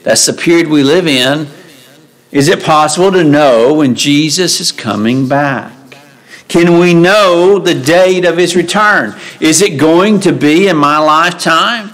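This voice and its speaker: A man's voice: on the high side, measured pace, fairly bright tone, low-quality recording. Man preaching a conversational sermon. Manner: conversational, asks rhetorical questions, reads scripture aloud. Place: church sanctuary.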